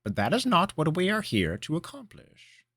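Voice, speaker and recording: A gruff, irritable old mage, curt and dismissive toward his apprentice as a male storyteller does him. His lines come raised and firm, with a lively rise and fall. It is a storybook character voice. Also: fairly high pitch, moderate pace, dry recording, clean studio sound, voice pushed up, heavily acted.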